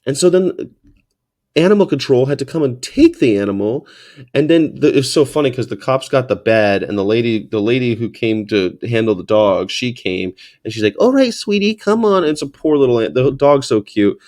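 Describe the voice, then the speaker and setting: A man's voice: mid-range voice, normal speed, darkish tone. Rambling profane male storyteller. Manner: rambling, profane, frequent restarts. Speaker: comedian. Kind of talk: comedic storytelling monologue.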